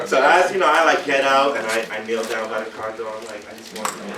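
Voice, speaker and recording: A man casually telling a group how he got engaged, animated, acting out what everyone said and often laughing. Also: on the low side, fast, very noisy. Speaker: groom-to-be telling his engagement story. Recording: roomy, mic far off.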